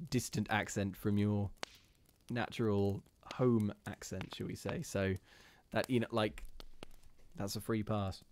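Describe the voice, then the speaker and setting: A man's voice: fairly low pitch, a little mellow. A man hosting a live ghost story reading, chatting casually with his viewers between passages in a self-deprecating way.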